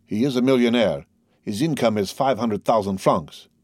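A man reading aloud who voices a composed, worldly nobleman in a smooth, reassuring, measured manner. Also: medium pitch, darkish tone, no echo, clean studio sound, close to an everyday voice. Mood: assured.

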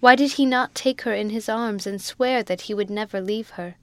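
Woman audiobook narrator, measured and expressive, very dry booth sound. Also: medium pitch, clear, resonant tone, no echo. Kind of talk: scripted narration.

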